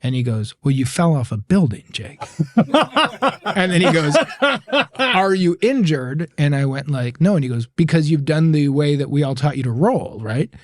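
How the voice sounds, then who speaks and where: A man with a somewhat raised pitch tells a story as a podcast guest, acting out each line of dialogue with lots of laughter. The sound is dry and close, with no room echo. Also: normal speed. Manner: animated, acts out quoted dialogue, laughs often. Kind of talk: casual storytelling.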